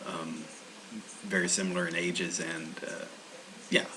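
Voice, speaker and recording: A man's voice: sits low, flat delivery, measured pace, noisy background. A man hosting a language-learning channel, talking in a meandering, casual monologue full of restarts.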